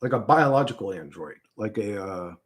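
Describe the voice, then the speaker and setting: A man talks in a loose, rambling way, his sentences breaking off and starting again. He swears freely, pauses to gather himself, and reads comments aloud in the same relaxed voice. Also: on the low side. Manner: halting, swears often, trails off and restarts. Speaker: streamer recounting a vision. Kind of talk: rambling casual monologue, reading chat.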